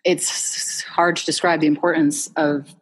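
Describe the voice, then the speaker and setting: A woman founder, a guest in a casual interview, telling stories in an animated way with many restarts. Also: deep voice, a little slow, husky, in a large hall.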